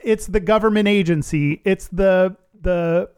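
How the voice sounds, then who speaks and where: A man co-hosting a casual podcast, playful and quick to laugh. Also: sits high, darkish tone, smooth. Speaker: podcast co-host.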